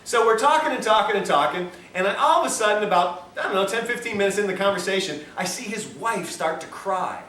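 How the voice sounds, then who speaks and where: A man's voice: high-pitched, lively intonation, fast talker, hardly any pauses, bright, forceful tone, slight background noise. A man giving a lecture at a health institute, telling a story in a chatty, joking way full of self-mocking asides. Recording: echoey room, distant mic, faint ambience.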